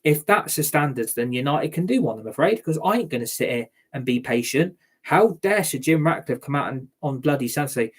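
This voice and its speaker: A man's voice: fairly high pitch, lively intonation, a little fast, hardly any pauses, slightly rough. A man giving an angry, heated rant as a football fan, swearing freely. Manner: heated, ranting, heavy swearing. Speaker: football fan channel host.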